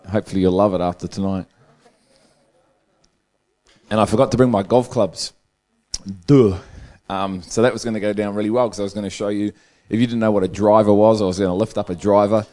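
A man with a fairly low voice delivers a light-hearted sermon. He tells stories in a casual, joking way and laughs along with his own jokes. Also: darkish tone. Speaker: preacher. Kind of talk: humorous sermon.

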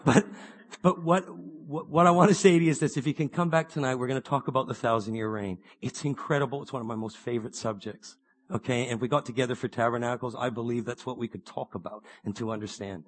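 A man preaching a sermon, swinging between excited bursts and quiet, earnest asides, with many rhetorical questions. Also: mid-range voice, fast talker.

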